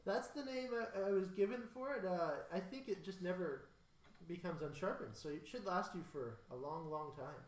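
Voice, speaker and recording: A man voicing a polite male blacksmith selling a sword, in a friendly, slightly halting way. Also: high-pitched, natural voice. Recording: echoey room, mic at a distance.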